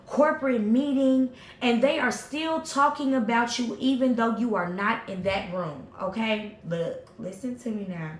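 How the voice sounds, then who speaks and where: A woman giving a tarot reading in an animated, emphatic, slangy way, checking in often with her viewers. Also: on the high side, reverberant. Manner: animated, emphatic, slangy and conversational with repeated "okay?". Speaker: tarot reader.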